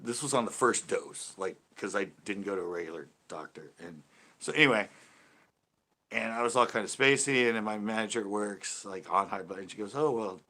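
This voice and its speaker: On his home porch, a channel host chats with his live audience in a fairly low, bright, forceful voice at a fairly quick pace. The casual video chat features a rambling story he keeps restarting and correcting.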